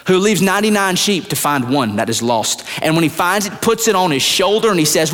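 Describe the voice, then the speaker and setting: A man preaching a sermon as pastor, swinging from loud high retellings to hushed low asides. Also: expressive, fairly quick, few pauses. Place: large church hall. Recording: long hall reverb, at times far from the mic.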